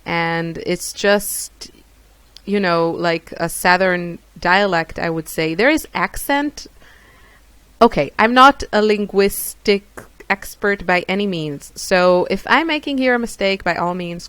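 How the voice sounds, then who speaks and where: Soft-spoken Israeli-born woman, lower voice. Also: takes it slowly, clean tone. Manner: hesitant, self-deprecating, many fillers. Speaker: craft YouTuber. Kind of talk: casual chat to camera.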